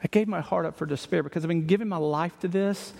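A man with a high voice preaches in an animated, emphatic way, repeating himself and throwing out rhetorical questions. His voice rings out with a long reverb, as if from a large hall. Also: fast, gravelly. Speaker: pastor. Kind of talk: sermon.

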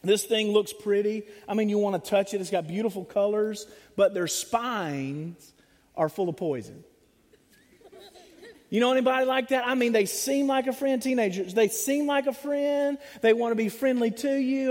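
A man preaching a sermon to a church congregation, animated and humorous, often acting out the voices of other people. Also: high voice, moderate pace. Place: church sanctuary. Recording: long hall reverb.

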